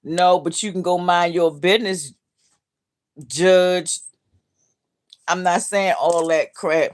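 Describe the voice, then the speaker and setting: Sad middle-aged lady on a livestream, low voice, talks slow, blunt and cussing. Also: steady tone. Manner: blunt, swears, laughs at comments. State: downcast, heartbroken. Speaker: livestream host. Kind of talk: casual livestream chat reading comments.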